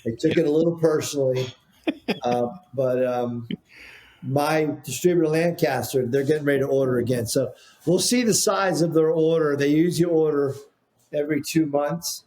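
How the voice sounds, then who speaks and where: A man with a slightly high, mellow voice tells rambling, animated stories as a podcast guest. The room around him is roomy and echoey. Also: normal speed. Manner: rambling, animated storyteller with restarts. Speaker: podcast guest, business founder. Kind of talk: casual storytelling interview. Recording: roomy echo.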